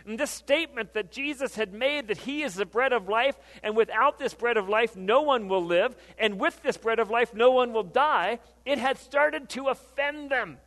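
A man with a high-pitched voice preaches a sermon in a conversational way, checking in with his listeners with frequent questions. His voice carries a long reverb, as if he is in a church sanctuary. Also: moderate pace, hardly any pauses, fairly bright tone. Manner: conversational, asks the congregation questions. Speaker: pastor.

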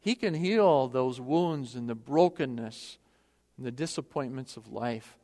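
A man preaching a sermon with passion, swinging between loud appeals and hushed prayer. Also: mid-range voice, lively intonation, a little slow, long reverb tail.

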